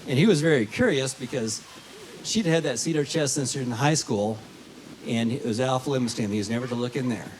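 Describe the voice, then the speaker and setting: A man giving a folksy, halting wedding toast at a reception, telling a joke with many fillers. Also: mid-range voice, expressive, a little mellow, a little hiss or hum, rough recording. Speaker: wedding toast speaker, family of the bride.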